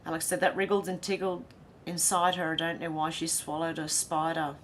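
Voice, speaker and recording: A woman with an Australian accent chats casually through a livestream, reading out viewer comments. Her voice sits on the low side and she laughs easily. A faint hum and rumble run under the recording. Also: flat delivery, brisk. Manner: chatty, laughs easily, reads comments aloud. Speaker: livestream host reading chat. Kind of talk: casual chat.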